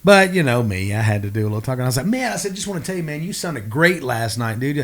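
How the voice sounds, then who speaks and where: A middle-aged man tells a story on a podcast, in a mid-pitched voice. He talks casually and acts out each person he quotes. His manner is animated throughout. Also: fast talker. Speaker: podcast co-host.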